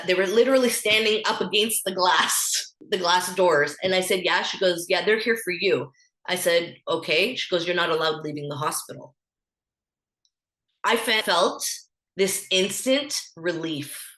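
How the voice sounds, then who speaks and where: A woman's voice: lowish voice, a bit bright. A woman in her thirties with a Canadian accent, a podcast guest telling a personal story candidly, with lots of fillers. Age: 30s. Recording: echoey room.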